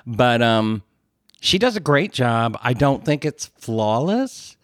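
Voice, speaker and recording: A man's voice: medium pitch, very animated, takes it slowly, dry recording. Man with a Philly accent, podcast co-host, chatty and self-deprecating, dry close mic. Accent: Philadelphia. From Philadelphia area. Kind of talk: casual podcast chat. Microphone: podcast studio mic.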